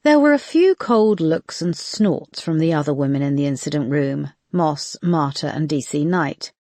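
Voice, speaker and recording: An audiobook narrator reading a thriller in a measured storytelling manner. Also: mid-range voice, lively intonation, a little mellow, dry recording. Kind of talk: scripted narration.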